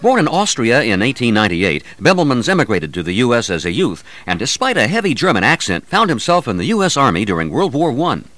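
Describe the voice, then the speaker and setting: A man presents a radio news feature in a scripted, announcer style. His pitch swings widely from line to line, which gives the read a lively, sing-song feel. He sits at a middle pitch for a man. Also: fast talker, hardly any pauses, no room sound.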